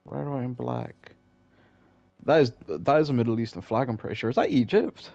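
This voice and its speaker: Lively man on a dull, dry call. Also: mid-range voice, moderate pace, gravelly, dry recording. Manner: laughs easily, swears, relaxed banter. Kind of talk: casual chat.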